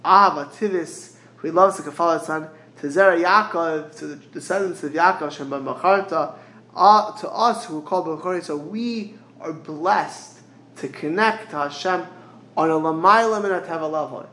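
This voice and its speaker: A man's voice: fairly high pitch, normal speed, sharp tone, reverberant, rough recording. A man teaching as a rabbi in a Torah lecture, mixing Hebrew phrases into English and often repeating words as he searches for the next one.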